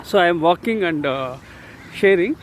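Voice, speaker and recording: A man in his sixties vlogging while he walks along city streets, speaking slowly and haltingly with many fillers and repeated words, recorded on a phone he holds in his hand. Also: high-pitched, lively intonation. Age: 60s. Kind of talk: casual walking vlog. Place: outdoors on city streets with traffic. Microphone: phone held in hand while walking. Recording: street traffic noise on a phone. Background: traffic and street noise.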